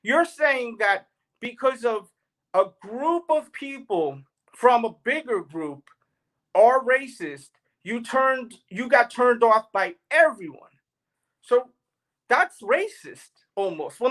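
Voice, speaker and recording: A man with a strong New York accent hosts a casual livestream, talking straight to his viewers. His delivery is blunt and forceful and pushes back in an argumentative way. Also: extremely high pitch, expressive, slow pace, rough recording. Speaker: livestream host.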